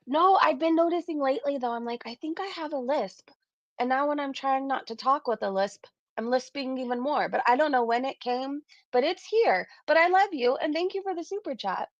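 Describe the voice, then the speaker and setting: A woman's voice: high-pitched, expressive, fairly quick, dry recording. Woman, Valley girl accent, chatty live streamer, dry dull lo-fi sound. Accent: Californian, Valley girl. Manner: chatty, says "like" a lot. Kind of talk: casual chat.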